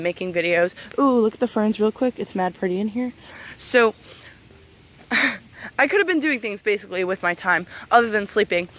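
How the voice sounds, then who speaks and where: A woman's voice: medium pitch, fairly bright tone. A woman in her twenties angrily venting in a casual vlog, swearing a lot while walking outdoors among trees. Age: 20s. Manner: angry, profane, venting. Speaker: vlogger.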